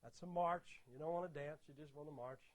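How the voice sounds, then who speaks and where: A man's voice: fairly high pitch, fairly quick. A man giving an explanatory talk about rhythm. He repeats key words emphatically and counts out beats aloud. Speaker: music teacher giving a talk.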